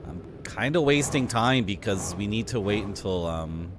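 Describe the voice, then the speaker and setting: A man giving live commentary while playing a video game, chatty and quick to laugh, with sudden excited outbursts. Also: on the low side, background noise. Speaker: game streamer. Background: game music.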